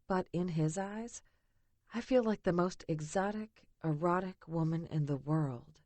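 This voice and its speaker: Woman, audiobook narrator, intimate breathy delivery, lowish voice, dry close sound. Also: measured pace, a little mellow, no echo. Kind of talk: scripted first-person romance narration.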